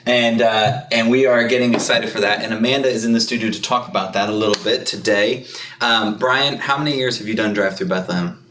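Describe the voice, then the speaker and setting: A man's voice: lowish voice, fairly even intonation, fairly quick, fairly bright tone, echoey room, recorded from a distance, slight background noise. A man hosting a casual church podcast, teasing his guests and asking them questions. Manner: teasing, upbeat, asks questions. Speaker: podcast host. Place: church studio room.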